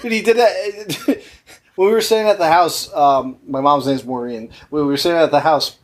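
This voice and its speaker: A man's voice: on the high side, normal speed. A man co-hosting a podcast in casual chat, telling rambling stories full of swearing and "like". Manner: rambling storyteller, swears, fillers like "like". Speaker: podcast co-host.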